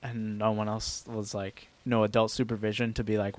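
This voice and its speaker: A man hosting a casual podcast chat, quick and joking with his guests. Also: fairly low pitch, fairly even intonation. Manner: quick, laughing, banters with guests. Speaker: podcast host.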